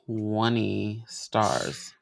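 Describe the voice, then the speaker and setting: A woman's voice: very deep voice, fairly even intonation, drawn-out words, creaky, a loud crowd. A woman co-hosting a podcast, talking in a hesitant, unsure way with many fillers. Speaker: co-host. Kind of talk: casual chat.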